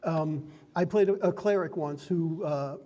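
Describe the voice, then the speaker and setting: Running a tabletop game session as game master, a man with a high-pitched but warm, mellow voice walks his players through the rules in an upbeat, chatty, unhurried way, often laughing as he goes. The recording comes from a card and game shop with the sound of a large hall.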